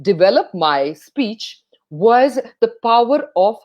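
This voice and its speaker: A woman from India, a speech coach and radio jockey giving an interview, talking expressively and playing up pitch and pauses. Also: very animated, muffled recording. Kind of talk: enthusiastic interview talk.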